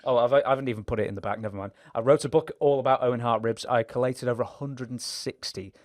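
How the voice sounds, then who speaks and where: Man, interview host, casual chatty delivery, mid pitch, dry sound. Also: fairly even intonation, darkish tone, no room sound. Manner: casual, friendly, quick asides.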